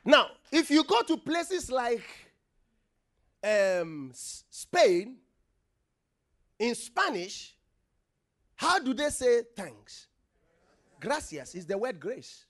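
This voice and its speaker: A man with a high voice preaches with a lively, swooping delivery. He takes his time, leaning into each phrase, and throws questions out to the congregation for call-and-response. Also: takes it slowly, pauses often. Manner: emphatic, asks the congregation questions and has them repeat words. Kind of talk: sermon.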